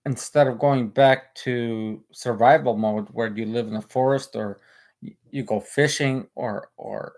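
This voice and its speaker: A man hosting a casual livestream, talking earnestly in a halting way with many restarts. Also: medium pitch, fairly even intonation, darkish tone. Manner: earnest and emotional. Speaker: livestream host.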